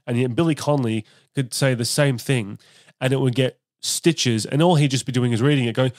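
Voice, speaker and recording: Animated male comedian hosting a chat. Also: medium pitch, fairly quick, no echo, clean studio sound. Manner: animated, breaks into impressions and laughs. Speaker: podcast host, comedian. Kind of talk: casual chat interview.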